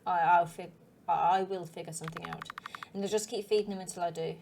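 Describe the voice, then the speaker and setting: A woman voicing a frightened young child left alone at home, speaking quietly and hesitantly. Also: lowish voice, steady tone, quick pace, gravelly, background noise. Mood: anxious.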